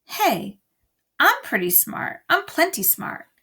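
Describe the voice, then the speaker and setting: A woman's voice: sits high, sing-song, slow, sharp tone, voice pushed up, exaggerated voice. A woman voicing a flustered, snappish teenage boy in a read-aloud storybook.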